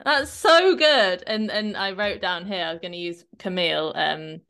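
Chatty woman fitness coach, animated. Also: lowish voice, moderate pace, vocal fry, smooth. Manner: chatty, animated, often tags a questioning "right?". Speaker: fitness coach and podcast co-host. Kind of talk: casual podcast chat.

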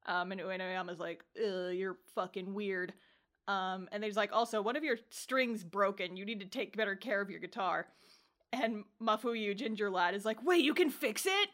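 Bright, lively woman recapping an anime. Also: mid-range voice, moderate pace. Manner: laughs often, swears, acts out character lines. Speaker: podcast co-host. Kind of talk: casual chat recapping an anime.

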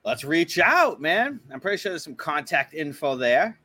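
A man's voice: a little high, very animated, moderate pace, sharp tone, no echo. A man co-hosting a podcast, chatting in a crude, profane and enthusiastic way. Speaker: podcast co-host. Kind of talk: crude casual chat.

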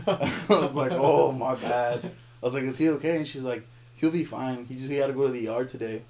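A young man appearing as a podcast guest tells a story in casual conversation, speaking quickly in a mid-range voice. He is animated and laughs as he acts out the people in it.

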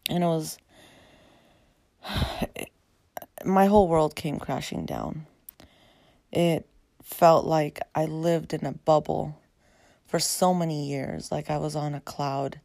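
A woman hosting her own podcast, reflective and heartfelt, her voice raspy after a long day. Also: low-pitched, warm tone, dry recording. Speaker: podcast host. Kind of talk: personal podcast monologue.

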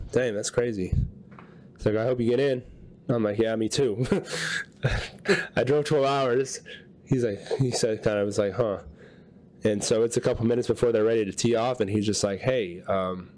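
Guy on a podcast, lowish voice, rambling story, does little voices for the people in it. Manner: animated storyteller acting out quotes. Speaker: podcast co-host. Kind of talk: casual storytelling chat.

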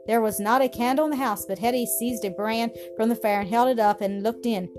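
A woman reading a story aloud in a steady, expressive way. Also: on the high side, a little fast. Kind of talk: storybook narration. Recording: music playing behind.

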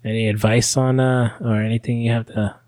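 A man's voice: medium pitch, little pitch movement, a little fast, darkish tone, dry recording. A man calling in and telling a rambling story in casual talk, full of fillers, restarts and swearing. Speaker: caller.

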